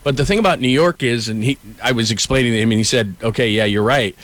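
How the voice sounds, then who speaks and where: A middle-aged man, a sports journalist and co-host, telling stories in casual sports talk with quick asides. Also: medium pitch. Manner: animated storyteller, quick asides.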